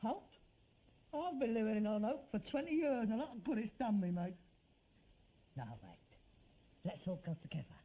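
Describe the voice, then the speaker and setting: A man's voice: high-pitched, big pitch swings, normal speed, pauses often, highs cut off. A man with a London Cockney accent playing Harold, a weary, sarcastic rag-and-bone son in a 1960s TV sitcom, swinging between mock grandeur and despair. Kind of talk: 1960s television sitcom acting.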